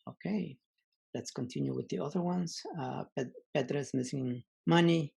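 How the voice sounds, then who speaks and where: A man teaching a language lesson online, slowly repeating example words and pausing with many fillers. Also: mid-range voice, vocal fry, a little mellow, slightly rough.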